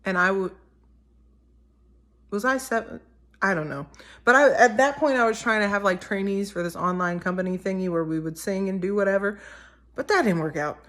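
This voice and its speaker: A woman's voice: mid-range voice, moderate pace, long pauses, a bit bright. A teenage girl and singer-songwriter chatting casually, rambling and often correcting herself mid-sentence. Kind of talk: casual chat.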